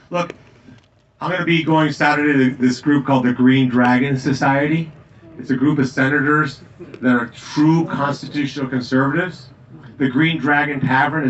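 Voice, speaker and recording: A man giving a campaign stump speech in a tavern, telling anecdotes in an emphatic, energetic way. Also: mid-range voice, distant mic, highs cut off, a little hiss or hum. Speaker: political candidate. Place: tavern, indoors.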